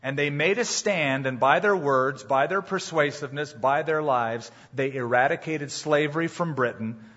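A man's voice: fairly high pitch, moderate pace, a bit bright. A man preaching a sermon as a pastor in a church, emphatic and full of rhetorical questions to the congregation. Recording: dull, muffled live sermon recording.

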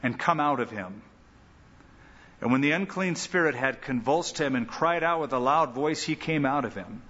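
A male pastor preaching a sermon with lively delivery, acting out the lines he quotes. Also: mid-range voice, moderate pace. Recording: muffled sound with long hall reverb.

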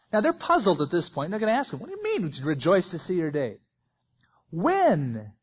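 Man preaching, husky voice, folksy asides, scripture reading, dull lo-fi sound. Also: high-pitched, a little mellow. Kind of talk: verse-by-verse sermon.

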